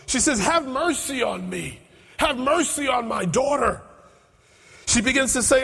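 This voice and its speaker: A man preaching a sermon as pastor, repeating his phrases and building up to shouts. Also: extremely high pitch, lively intonation, measured pace, creaky, husky. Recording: echoey hall with long reverb.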